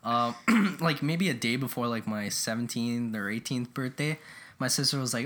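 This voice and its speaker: A man's voice: medium pitch, normal speed, fairly bright tone. A young man co-hosting a podcast, telling crude stories in casual chat with many laughs. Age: young adult. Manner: profane storytelling, laughs often. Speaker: podcast co-host.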